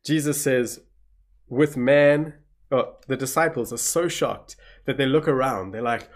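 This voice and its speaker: Animated South African pastor preaching. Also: male voice, medium pitch, measured pace. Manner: animated storyteller, acts out gasps and shock. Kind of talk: sermon.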